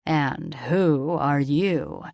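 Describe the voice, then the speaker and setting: A woman voicing a sleazy, condescending male agent who talks in a slow drawl. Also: low-pitched, fairly even intonation, darkish tone, no echo, clean studio sound, close to an everyday voice.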